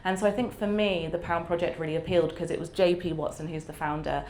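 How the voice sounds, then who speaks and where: Woman author, low voice, candid and reflective, faint background hum. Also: steady tone, fast. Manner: warm, reflective, laughs often, lots of fillers. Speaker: author guest. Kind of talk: candid conversational interview.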